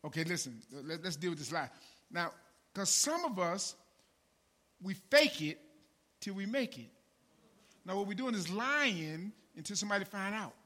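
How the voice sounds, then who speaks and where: Pastor guy w a high sharp voice, chatty sermon, keeps saying man and right. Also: sing-song, normal speed, pauses often. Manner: conversational preaching, peppered with "man" and "right?"; swings from low asides to shouted emphasis.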